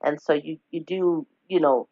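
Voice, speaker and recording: A woman from Newfoundland with a softened Newfoundland accent, a podcast host who chats quickly and casually. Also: sits low, fairly even intonation. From Change Islands, Newfoundland. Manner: chatty and quick, laughing between thoughts. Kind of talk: casual chat. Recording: dull lo-fi audio.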